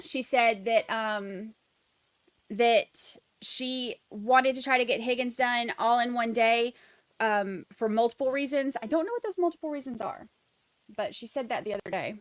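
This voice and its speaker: A woman's voice: on the high side, unhurried, no room sound. Chatty Southern woman reading viewer comments. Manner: chatty, reads viewer comments aloud, rambling. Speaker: livestream host. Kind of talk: casual livestream commentary.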